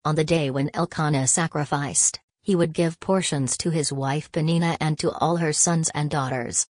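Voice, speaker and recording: A woman reading a scripture passage aloud in a measured, even way for a church service. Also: sits low, no room sound, clean studio sound. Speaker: scripture reader.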